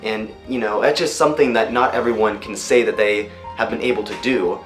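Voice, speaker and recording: A young man talks easily about voicing characters, filling his pauses with ums and you-knows. His voice sits somewhat low. It rings with a roomy echo, and soft music plays underneath. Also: steady tone. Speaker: voice actor. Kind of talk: behind-the-scenes interview. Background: faint music.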